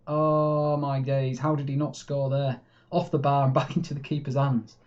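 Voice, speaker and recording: A man's voice: medium pitch, a little fast, muffled recording. A man commentating live on his own game, chatty and easily frustrated. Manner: chatty, swings between calm and exasperated. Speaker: gaming YouTuber.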